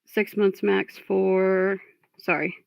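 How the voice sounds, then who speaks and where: A woman's voice: medium pitch, level tone, slow pace, gravelly, a little mellow, no echo. A woman hosting a livestream, talking casually and reading chat, frustrated and blunt, swearing at trolls. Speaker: livestream host. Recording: dull lo-fi stream audio.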